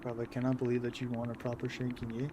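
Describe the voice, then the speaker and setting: A man's voice: mid-range voice, monotone, fast, noisy background, close to an everyday voice. A man voicing a cheeky, taunting British street tough in a put-on Birmingham accent, slinging exaggerated slang.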